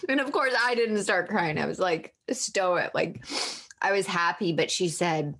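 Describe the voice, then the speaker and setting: Woman author on a podcast, kinda low voice, open and personal. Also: measured pace, fairly bright tone. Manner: open and emotionally candid. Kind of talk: candid interview talk.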